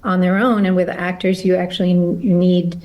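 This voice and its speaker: A middle-aged woman, an actor and guest, speaking reflectively in an interview and pausing to search for her words. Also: fairly low pitch, little pitch movement, a little mellow, low-quality recording.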